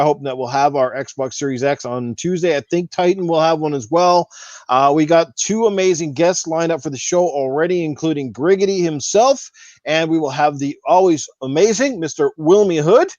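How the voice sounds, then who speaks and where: A man chats and plugs his gaming show, his slightly high voice worn out from talking. The recording is dry and a little dull. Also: moderate pace, a little mellow, no echo. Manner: chatty, promotional. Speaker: podcast guest and gaming show host. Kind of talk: casual podcast chat.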